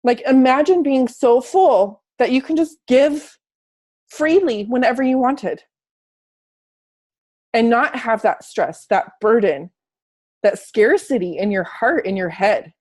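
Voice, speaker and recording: A woman's voice: on the high side, animated, slow pace, a little mellow. A woman coaching an online group in a casual motivational talk, earnest and encouraging, repeating phrases for emphasis, then chatting loosely with fillers over a video call. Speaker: fitness and life coach.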